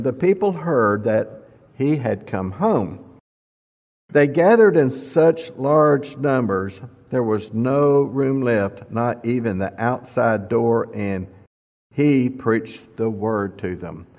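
A man's voice: mid-range voice, darkish tone. A man teaching from the Bible in a sermon, reading scripture and adding plain storytelling asides for his listeners. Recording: long reverb of a hall.

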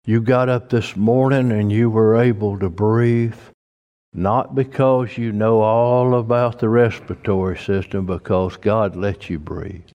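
Man preaching slow and emphatic, big reverb like a church hall. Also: lowish voice, fairly even intonation, dull audio. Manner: slow, emphatic preaching that rises loud for scripture readings. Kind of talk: sermon.

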